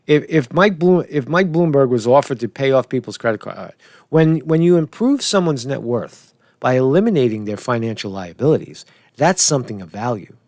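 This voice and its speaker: A man rambles through political commentary in a casual vlog, swearing, chuckling, restarting sentences and repeatedly asking "right?". His mid-range, darkish voice is animated and a little fast, with clean, dry studio sound.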